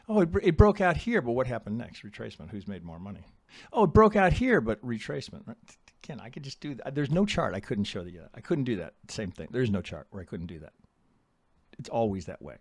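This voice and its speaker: A middle-aged man casually teaching chart analysis as a trading educator, talking bluntly, swearing and mocking traders in quick put-on voices. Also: fairly low pitch, a little mellow, no echo.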